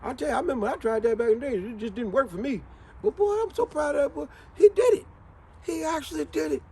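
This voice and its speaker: A man doing a proud, excited old uncle. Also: extremely high pitch, fast, voice pushed up. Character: proud older uncle praising his nephew.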